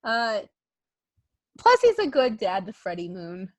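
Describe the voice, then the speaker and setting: A woman co-hosting a casual wrestling podcast, animated and laughing, acting out others' lines in jokey voices. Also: medium pitch, slow, no room sound. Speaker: podcast co-host.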